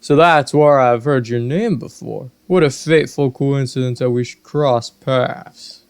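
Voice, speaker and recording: A man voicing an aged, huge male fish-folk king in a video game, speaking formally and slowly. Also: mid-range voice, smooth, lightly acted. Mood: regal. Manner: formal, stately, slow and courtly.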